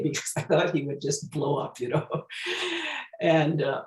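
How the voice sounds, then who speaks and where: A woman's voice: sits low, steady tone, unhurried, darkish tone, roomy sound, low-quality recording. A woman giving a storytelling talk as a guest speaker, reflective and searching for her words as she goes.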